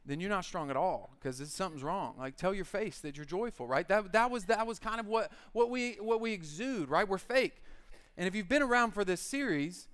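Animated, high-voiced joking male pastor. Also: fairly quick, few pauses, clear, resonant tone. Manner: animated, joking storyteller who acts out quotes. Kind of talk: casual sermon. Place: church.

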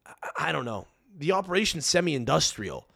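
A man's voice: fairly high pitch, big pitch swings, moderate pace, vocal fry, bright, forceful tone. A man hosting a podcast, ranting in a profane, incredulous comedic monologue. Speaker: podcast host.

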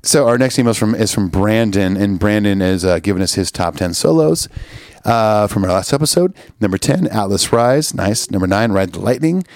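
A man's voice: fairly low pitch, animated, normal speed, a little mellow, no room sound, studio quality. Sleep-deprived punchy man in his thirties. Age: 30s. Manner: loose, swearing, jokey, reads listener emails. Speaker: podcast co-host. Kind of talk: casual podcast banter.

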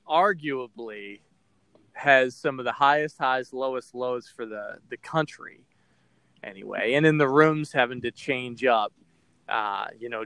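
A man's voice: mid-range voice, a bit bright, clear, resonant tone, dry recording. Podcast host guy from boston, open and rambly, lots of ums, dead dry room. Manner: candid, rambling with frequent fillers. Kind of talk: casual podcast chat.

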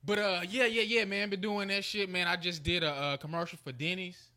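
A man dropping in as a guest on a casual podcast, low-key and trailing off. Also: fairly even intonation, brisk, pushed and bright. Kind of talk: casual chat.

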